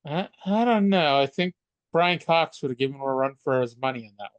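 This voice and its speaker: A man's voice: fairly high pitch, expressive, brisk, clear, resonant tone, no echo, lo-fi sound. A man co-hosting a casual wrestling podcast, chatty and stammering through restarts, swearing freely. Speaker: podcast co-host. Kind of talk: casual wrestling recap chat.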